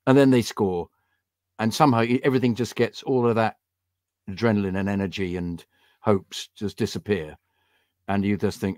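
A man's voice: on the low side, moderate pace, long pauses, dry recording, studio quality. An older man co-hosting a football podcast in casual chat, talking animatedly and acting out his own frustration. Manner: animated, acts out his own angry outbursts. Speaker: podcast co-host.

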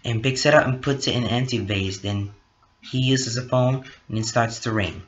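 A man's voice: mid-range voice, moderate pace, fairly bright tone, muffled recording. A man who is sick, hosting his own channel and reading a story aloud, apologetic about how his voice sounds.

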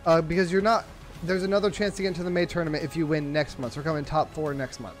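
A man's voice: on the high side, steady tone, fast talker, faint music behind. A man hosting a gaming stream, announcing tournament results in an upbeat, eager way. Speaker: stream host. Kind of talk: casual stream chat.

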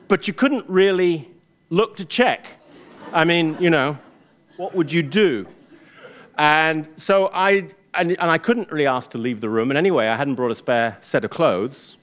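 An English man telling a wry, self-deprecating personal story on stage before a live audience, with halting restarts. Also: fairly high pitch, fairly bright tone. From England.

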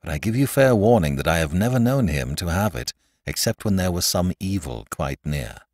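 Flambeau, a man doing a quiet worldly companion. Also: low-pitched, lively intonation, normal speed, no echo, studio quality. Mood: earnest. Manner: quiet and earnest.

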